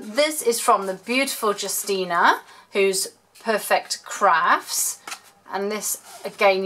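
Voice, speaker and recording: A woman chatting excitedly as she unwraps and shows off handmade craft gifts in a casual home vlog. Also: mid-range voice. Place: home room, road sweeper outside. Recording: faint street noise and paper crinkling.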